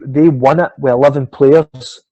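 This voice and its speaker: A man's voice: mid-range voice, steady tone, moderate pace, warm tone, no room sound, muffled recording. A middle-aged Scottish man, a swimming coach, telling a long sporting anecdote in casual chat, swearing freely and acting out the voices of the people in it. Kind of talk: casual storytelling interview.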